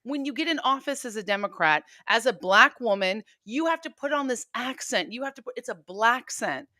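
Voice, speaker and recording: Woman guest on a political show, blunt and emphatic, bright voice, dry close sound. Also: fairly high pitch, lively intonation, dry recording. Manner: blunt, emphatic, quick to mock. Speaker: guest commentator.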